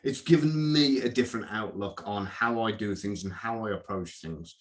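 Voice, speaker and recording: A man hosting a casual live chat, speaking earnestly with some halting restarts. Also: on the low side. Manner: earnest, a bit halting, repeats words when he starts. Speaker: host.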